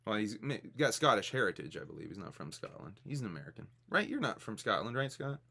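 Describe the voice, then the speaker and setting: A man with a low voice and a lively, swinging delivery chats casually on a live-stream podcast. He jokes loosely and calls out viewers in the chat. He sounds like he is in his thirties. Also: quick pace, creaky, breathy edge. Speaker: podcast co-host.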